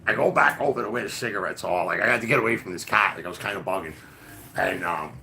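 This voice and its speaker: A man's voice: on the low side, fast, vocal fry, sharp tone, slight background noise. A man casually telling a rambling, profane story full of fillers. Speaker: podcast host.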